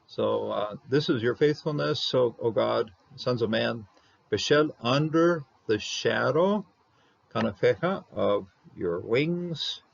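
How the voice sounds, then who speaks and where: A man teaching a Hebrew Bible passage word by word, halting with many fillers and sounding out the Hebrew slowly. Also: mid-range voice, creaky. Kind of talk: verse-by-verse Hebrew lesson. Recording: dull lo-fi sound.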